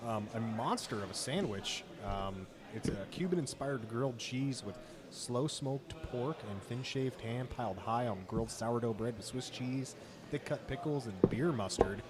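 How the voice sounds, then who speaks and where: Man, host, middle pitch, upbeat, noisy bar crowd behind. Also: normal speed. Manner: enthusiastic, reads descriptions smoothly. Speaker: podcast host. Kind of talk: hosting a beer tasting show.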